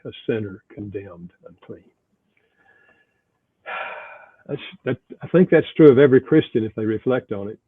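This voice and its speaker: An older man, an author and pastor, telling a personal story earnestly in an interview, his voice dropping soft at tender moments. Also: mid-range voice, no room sound. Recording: tinny phone-like line, dry.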